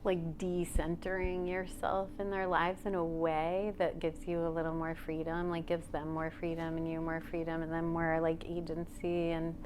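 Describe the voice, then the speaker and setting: A woman's voice: low-pitched, completely flat delivery, moderate pace, few pauses, noisy background. Thoughtful woman, hunting for words. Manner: thoughtful, searching for words with many ums. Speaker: novelist on a panel. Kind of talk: casual panel conversation.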